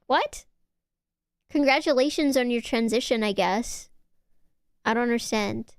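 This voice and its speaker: A young woman with a fairly high voice chats with her viewers on stream, teasing them and cursing freely as she reads their messages out. Her voice comes through a close mic in a dry room. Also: measured pace, clean tone, no room sound. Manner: excitable, teasing, swears, reads chat aloud. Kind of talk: casual chat stream.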